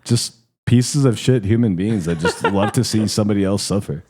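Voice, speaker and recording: Young male co-host, lowish voice, swears freely, laughs a lot, casual sports talk. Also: moderate pace, darkish tone, husky. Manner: loose, profane, laughs often, fillers like "like" and "dude". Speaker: podcast co-host.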